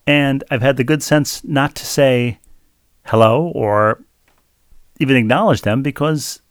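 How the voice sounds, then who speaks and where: A man's voice: mid-range voice, unhurried, clear, resonant tone, no room sound, studio quality. A man co-hosting a casual chat show, telling stories in a wry, self-mocking way. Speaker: podcast co-host.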